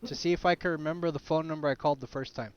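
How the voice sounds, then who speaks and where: Male player, animated, quick to laugh; smooth voice, dull dry recording. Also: fairly high pitch. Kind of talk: tabletop role-play, in and out of character.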